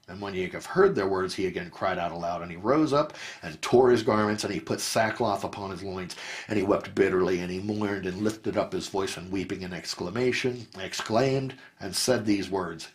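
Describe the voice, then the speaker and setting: A man reads scripture aloud word for word. His voice sits fairly low, and his delivery is earnest and measured. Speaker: Bible reader.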